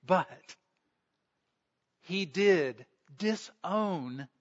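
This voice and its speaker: A man's voice: high-pitched, lively intonation, extremely slow, dull audio. A male pastor preaching a sermon, retelling scripture as a story and acting out the quoted voices.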